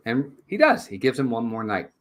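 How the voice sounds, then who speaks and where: This movie review co-host has a mid-range voice and speaks at normal speed. Chatting casually, he walks through the plot with animated storytelling, acting out what the characters say.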